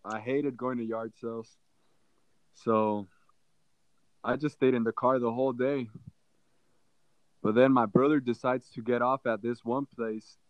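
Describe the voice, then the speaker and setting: A young man on a podcast telling a funny personal story in a casual, animated way, acting out what people said. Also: mid-range voice, a little slow, pauses often, dry recording. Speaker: podcast co-host. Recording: dull, dry sound.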